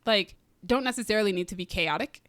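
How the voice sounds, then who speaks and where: A woman's voice: mid-range voice, fast, a bit bright, dry recording. Chatty female podcast co-host, rambling, lots of fillers, dry close mic. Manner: rambling, many fillers, laughs easily. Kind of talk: casual movie review chat.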